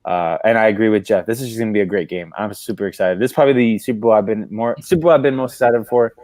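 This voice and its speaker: Low-voiced man venting about his team. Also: rapid-fire, a little mellow, no room sound. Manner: earnest, exasperated fan opinions with many fillers. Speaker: podcast co-host. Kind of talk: casual sports talk.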